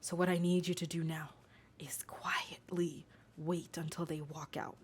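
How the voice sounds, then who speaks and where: A woman voicing a weary, wounded male ship captain who talks in hushed, sighing tones. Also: lowish voice, level tone, fast talker, breathy edge. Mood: hushed urgent. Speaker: game master voicing a character.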